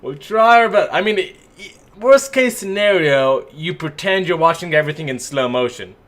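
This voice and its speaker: A man's voice: fairly high pitch, expressive, moderate pace, a bit bright. A man casting a live esports match and talking to his stream viewers, chatty and joking at his own expense. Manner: joking, self-mocking, chatty.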